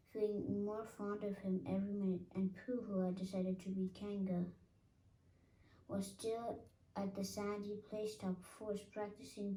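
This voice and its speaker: A woman reading a children's book aloud at a careful, halting pace, with small slips and restarts. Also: medium pitch, mellow, recorded from a distance. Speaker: reader. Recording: echoey room, voice off-mic.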